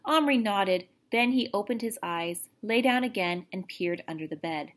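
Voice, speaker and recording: A woman, a teacher, reading a chapter book aloud with expressive, lively narration. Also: mid-range voice, moderate pace. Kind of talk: storybook read-aloud.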